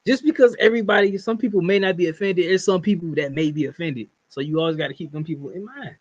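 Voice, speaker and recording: A man's voice: sits high, quick pace. A man co-hosting a podcast who argues his point emphatically in casual slang. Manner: emphatic, opinionated, slangy, laughs often. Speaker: podcast co-host. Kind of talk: casual wrestling podcast chat. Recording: dull, lo-fi sound.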